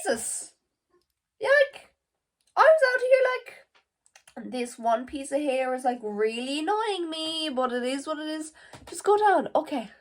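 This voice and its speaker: Teenage girl, high voice, rambling, swears casually, vlogging to camera at home. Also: big pitch swings, measured pace. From Ireland. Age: teens. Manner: chatty and rambling, swearing, full of "like". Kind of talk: casual vlog chat. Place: at home, indoors. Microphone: camera facing her.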